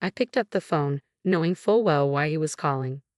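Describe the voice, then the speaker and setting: A woman reads a first-person story in a low, even voice. Her delivery is measured and unhurried. The recording is dry and close, with no room around her. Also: no room sound. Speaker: narrator.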